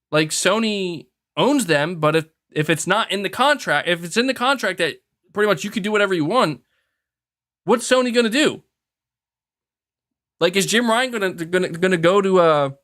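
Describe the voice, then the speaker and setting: A man hosting a gaming podcast, talking in a casual, animated rant and acting out quoted people. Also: high voice. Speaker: podcast host.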